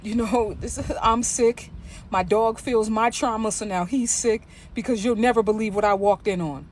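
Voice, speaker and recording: Upset woman gossiping on phone, dramatic, complaining, higher voice, storyteller putting it on. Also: normal speed, a little hiss or hum, close to an everyday voice.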